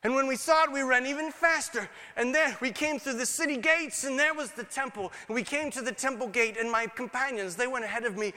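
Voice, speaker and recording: A man performing a dramatic first-person monologue as a grateful leper who was healed, earnest and swinging between hushed and exclaiming. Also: very high-pitched, fairly quick, hardly any pauses, heavily acted. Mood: excited. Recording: long hall reverb.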